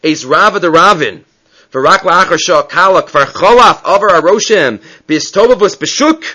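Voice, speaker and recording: A man's voice: high-pitched, expressive, normal speed, sharp tone. A man teaching an evening text study class, reading passages aloud and then explaining them with rhetorical questions. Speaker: Torah teacher.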